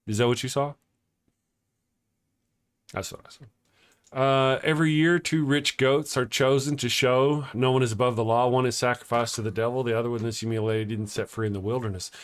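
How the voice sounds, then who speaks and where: A man's voice: medium pitch, fairly even intonation, fairly quick, few pauses, clean tone. A man hosting a live morning show, chatting casually and reading out viewer comments in a rambling, jokey way that often breaks into laughter.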